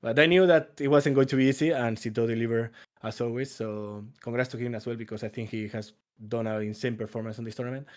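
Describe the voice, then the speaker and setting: A man's voice: medium pitch, fairly even intonation, fast talker, few pauses. A man interviewed as a pro player, speaking modestly with some hesitation. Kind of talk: casual interview.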